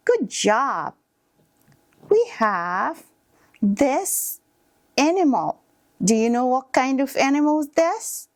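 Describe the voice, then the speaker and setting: A woman teacher showing a toddler play activity, speaking in slow, simple, encouraging words. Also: sits high, big pitch swings, no room sound, clean studio sound. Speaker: early childhood teacher.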